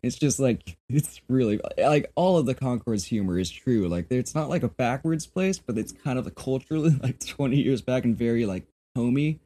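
A man's voice: medium pitch, animated, moderate pace, few pauses, warm tone. A man co-hosting a podcast, reading from sources in a casual chat, laughing often and swearing now and then. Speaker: podcast co-host.

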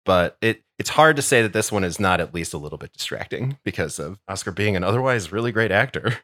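A man with a very low voice talks through his opinions on a podcast panel, measured and a little hedging. The sound is dry and close, with no room around it. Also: expressive, fairly bright tone, no room sound. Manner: measured, hedging, laughs easily. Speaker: podcast co-host. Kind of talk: casual panel discussion.

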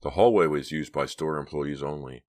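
A man reads a novel aloud in a measured, hushed storytelling manner. His voice is extremely low, a dark bass that carries the narration. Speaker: audiobook narrator. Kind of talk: scripted narration.

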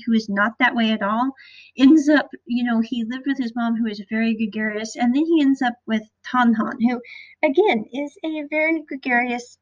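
On her podcast, a talkative Midwestern woman with a slightly high voice casually recaps a series, acting out scenes with animation. The audio is dull and lo-fi.

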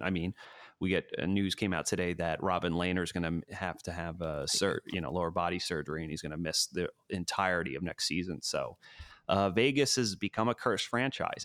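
A man's voice: deep voice, a bit bright, no echo, studio quality. A man co-hosting a casual sports podcast from his living room, rambling and hedging with lots of fillers. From New York City. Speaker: podcast co-host.

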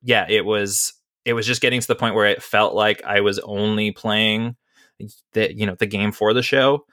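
A man's voice: lowish voice, fairly even intonation, moderate pace, pushed and bright, no room sound, studio quality. A man hosting a podcast, chatting casually and rambling with lots of fillers and laughs. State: has the hiccups. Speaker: podcast host. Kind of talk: casual chat.

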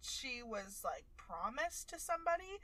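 A woman's voice: a little high, big pitch swings, unhurried, sharp tone, no echo. A young woman co-hosting a podcast, chatting candidly about a TV show, swearing freely and laughing often. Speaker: podcast co-host. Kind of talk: casual chat recapping a TV show.

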